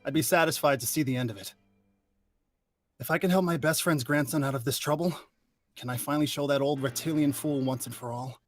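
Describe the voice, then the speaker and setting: A man reading the part of an older male horse leader, stern and weary, in a low, subdued dramatic read. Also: brisk, no room sound, clean studio sound, faint music behind, close to an everyday voice. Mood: grim.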